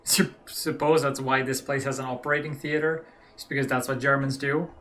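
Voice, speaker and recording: A man's voice: mid-range voice, fairly even intonation, brisk, sharp tone. A man talking through a horror game, casual let's-play commentary with chatty asides to himself. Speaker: gaming channel host.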